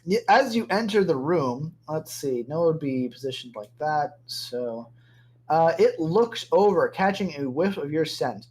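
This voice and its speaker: A man's voice: a little high, lively intonation, measured pace, darkish tone. A man narrating as game master in a tabletop game, hesitant and searching for words, with casual swearing. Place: home room with other players.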